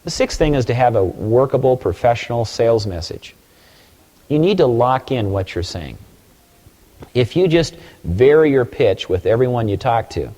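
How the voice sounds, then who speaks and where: A man's voice: mid-range voice, dark tone, big-room sound. A man giving a recorded sales training talk, coaching emphatically and acting out phone-call examples.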